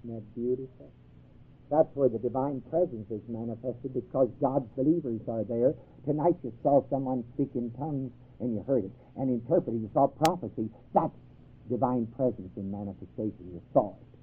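A man's voice: medium pitch, moderate pace, breathy edge. A man teaching a Bible class in a sermon style, emphatic, quizzing his listeners with questions. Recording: tinny phone-like old tape.

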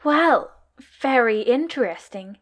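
A sly young man who teases with a pouty, mock-sweet edge, read by a woman. His voice sits fairly high and playful. The tone is cheerful but quietly cruel, as in a spoken fanfiction recording. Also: animated, slow pace. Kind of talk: podfic dialogue reading.

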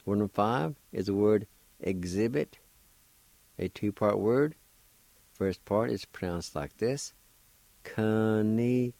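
Slow, patient man teaching pronunciation. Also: on the low side, creaky, warm tone, dry recording. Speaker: language teacher and radio host. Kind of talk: slow spelled-out pronunciation lesson.

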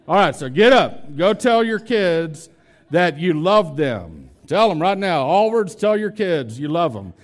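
A man's voice: on the high side, big pitch swings, unhurried. A man preaching a sermon as pastor, emphatic, repeating key phrases and speaking straight to his congregation. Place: church hall with a congregation.

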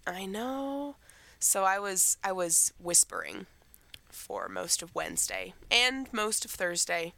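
This teenage podcast co-host, still recovering from a cold, rambles through a casual chat about her week. Her medium-pitched voice is slow, sing-song and creaky, with a sharp tone.

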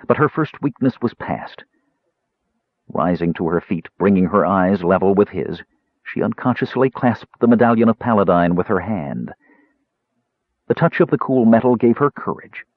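A man narrating a fantasy audiobook in a measured, expressive storytelling manner. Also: sits low, no echo. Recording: dull lo-fi dry recording.

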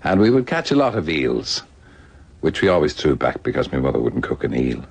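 A man's voice: very deep voice, sing-song, fairly quick, gravelly, breathy edge, dry recording. An older Irish man telling stories in a radio conversation, laughing often and slipping into little voices. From Ireland. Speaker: guest author.

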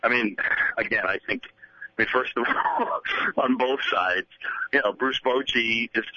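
A man's voice: mid-range voice, unhurried, dry recording, lo-fi sound. A man who is a baseball broadcaster, chatting casually as a radio guest with a rambling, restart-heavy delivery. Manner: rambling, many restarts and "you know". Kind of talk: casual radio interview chat.

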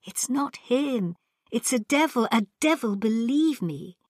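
A woman's voice: a little high, expressive, measured pace, darkish tone, dry recording, clean studio sound, voice pushed up. A woman reading a story aloud and voicing a fearful, superstitious young girl who pleads tensely. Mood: pleading.

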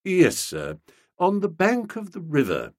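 A man doing a grave, hushed valet. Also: high voice, wildly swooping pitch, measured pace, no echo, studio quality, voice pushed up, heavily acted. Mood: deferential. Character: solemn, unflappable male valet of middle age.

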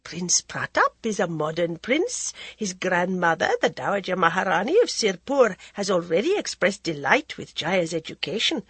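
A dignified queen speaks in a measured, gentle manner, her voice husky and dry, as a woman narrator puts her on. She sounds composed and unhurried, in a storybook reading. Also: fairly low pitch, sing-song, no echo, heavily acted. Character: dignified middle-aged queen, calm and gentle.

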